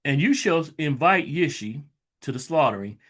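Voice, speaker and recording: Animated man teaching from scripture. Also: a little high. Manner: reads verses slowly, then breaks into loose conversational asides. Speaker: Bible teacher. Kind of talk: scripture reading with casual commentary.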